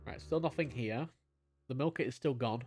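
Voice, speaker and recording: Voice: mid-range voice, normal speed, a little mellow, faint music behind. A young adult streamer chatting casually and playfully with mock-melodramatic flair while playing a game. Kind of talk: casual live-stream commentary.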